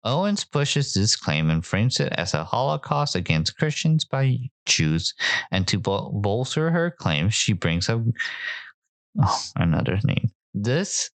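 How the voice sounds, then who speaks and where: Man, podcast host, deep voice, dry close sound, sarcastic, casual commentary. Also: very animated, unhurried, dry recording. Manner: sarcastic, joking asides. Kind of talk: casual commentary reacting to clips.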